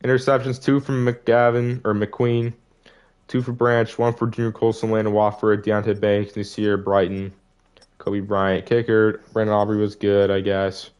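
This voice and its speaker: A man's voice: fairly low pitch, little pitch movement, moderate pace, darkish tone, clean tone. A young man giving casual gameplay commentary, frustrated and disappointed as he rambles through season stats. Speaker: gaming video creator.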